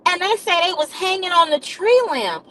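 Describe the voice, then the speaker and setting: Lively high-voiced woman storyteller. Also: moderate pace, slight background noise, poor audio. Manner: dramatic, repetitive, calls listeners baby and honey. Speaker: live streamer and nurse. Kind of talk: animated comic storytelling to a live chat.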